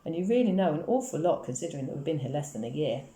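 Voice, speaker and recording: Woman reader doing a brisk, caring storybook mother, plain low voice. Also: animated, warm tone, roomy sound. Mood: reassuring. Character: mother, firm but caring.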